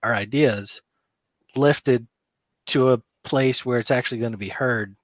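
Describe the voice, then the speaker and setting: A man hosting a podcast who asks measured questions in casual conversation. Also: mid-range voice, no echo. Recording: dry close sound.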